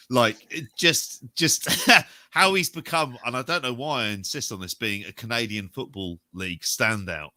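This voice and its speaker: A man's voice: fairly low pitch, sharp tone, no echo. A man hosting a casual podcast chat, jokey and rambling, often breaking into laughter. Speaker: podcast host.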